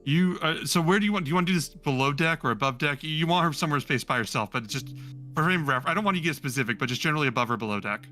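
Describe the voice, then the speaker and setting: A man narrating as game master in a relaxed, unhurried way, with plenty of fillers. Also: fairly high pitch, faint music behind.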